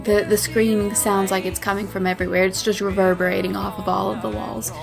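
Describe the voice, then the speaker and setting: A woman's voice: medium pitch, brisk, vocal fry, over music. Woman narrating as game master. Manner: relaxed narration with fillers and laughs. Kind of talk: narrating a tabletop role-play game.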